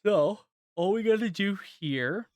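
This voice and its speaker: A man's voice: high-pitched, lively intonation, a little slow, a little mellow, dry recording. A tired man streaming a video game live, thinking aloud and rambling with restarts. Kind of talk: live gameplay commentary.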